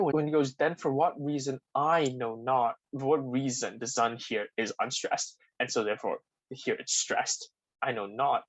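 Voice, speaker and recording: A young man with a slightly husky voice talks through a literature exam paper as a tutor. He thinks aloud, hedging with "sort of" and restarting phrases. The sound is close and dry, with no room around it. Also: mid-range voice, dry recording, low-quality recording. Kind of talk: explanatory exam walkthrough.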